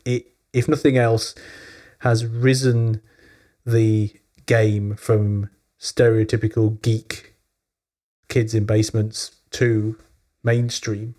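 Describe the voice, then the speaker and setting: A man hosting a podcast, talking in a relaxed, conversational way with quick asides. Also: on the low side. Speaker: podcast host. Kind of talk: casual podcast chat.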